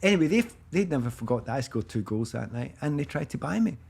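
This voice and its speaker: A man in his fifties with a Glaswegian Scottish accent, a guest telling lively anecdotes in casual chat and laughing often. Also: mid-range voice, fast talker, vocal fry, over a noisy crowd. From Scotland, east end of Glasgow. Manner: animated anecdotes, acts out quoted voices, laughs often. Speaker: guest, former footballer.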